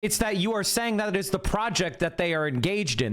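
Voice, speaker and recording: A male live streamer in casual chat, arguing his points quickly and talking straight to his viewers, his voice going hoarse. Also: high voice, expressive, fairly bright tone. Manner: fast, argumentative, talks straight to chat. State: losing his voice.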